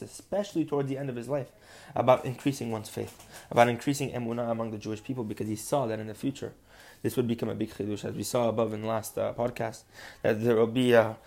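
A man's voice: medium pitch, a little mellow. A man teaching a podcast Torah lesson, earnest and building to emphatic insistence.

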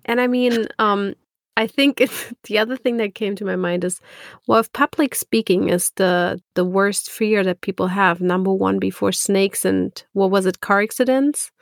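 Gravelly-voiced admiring woman host. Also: medium pitch, moderate pace, dry recording, studio quality. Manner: effusive, admiring, laughs often. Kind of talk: casual interview chat.

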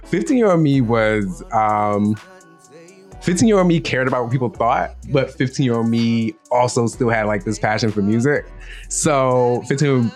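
A man from the Southern US with a Southern accent, chatting as a guest musician in a casual interview and laughing often. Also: medium pitch. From Southern United States. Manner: giggly, self-deprecating, breaks into laughter often.

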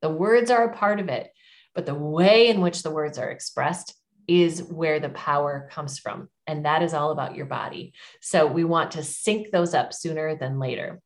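A woman's voice: low-pitched, moderate pace. A middle-aged woman giving public speaking advice as an interview guest, in an encouraging, emphatic coaching tone.

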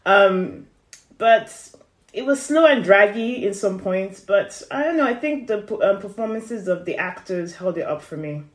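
A woman co-hosting a casual podcast, relaxed and agreeable, often murmuring along in agreement. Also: mid-range voice, measured pace. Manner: relaxed, agreeable, gives frequent murmured backchannels. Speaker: podcast co-host. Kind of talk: casual chat about dramas. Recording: echoey room.

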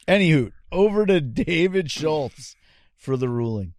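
A man's voice: a little high, animated, measured pace, darkish tone, no room sound, clean studio sound. A man hosting a retro game show podcast, telling stories in a chatty, laughing way. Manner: chatty storytelling, laughs often. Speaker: podcast host. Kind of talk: casual podcast banter.

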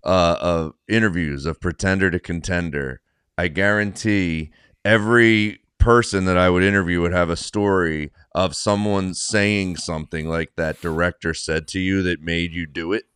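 A man's voice: low-pitched, steady tone, normal speed, a bit bright, clean tone, no echo, studio quality. A man hosting an interview podcast, asking questions and restarting his sentences as he thinks. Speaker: podcast host. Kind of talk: interview conversation.

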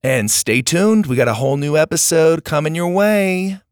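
A man's voice: a little high, expressive, moderate pace, clear, resonant tone, no echo, studio quality. A man hosting a story podcast, chatting upbeat and friendly to his young listeners in a casual outro. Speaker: podcast host.

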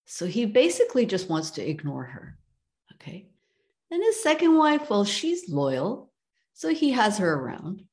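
Woman storyteller, low voice, very slow and conversational. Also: a little mellow. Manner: unhurried, conversational. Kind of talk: telling a parable.

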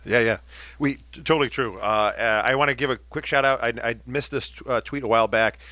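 A man's voice: medium pitch, a little fast, sharp tone, dry recording. A man hosting a radio show, chatting casually and reading listener messages aloud in an upbeat way. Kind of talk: casual on-air chat.

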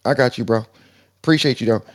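Fast-talking slangy man bantering. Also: medium pitch. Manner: streetwise, jokey, calls people brother.

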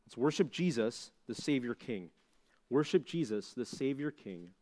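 Young guy youth pastor preaching to middle schoolers, mid pitch, chatty, lots of "like" and "uh". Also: normal speed. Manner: animated, conversational preaching with rhetorical questions and fillers. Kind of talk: sermon to junior high students.

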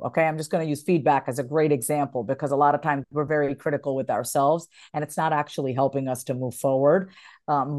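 A woman who works as a voiceover artist, speaking expressively as an interview guest and acting out example phrasings. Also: low voice. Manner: animated, acts out example phrasings.

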